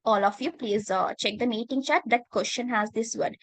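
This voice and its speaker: A woman with a Sri Lankan accent teaching English in an online class. She is patient, calls students darling and dear, and pauses often with "uh". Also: mid-range voice, dry recording, low-quality recording. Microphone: video call.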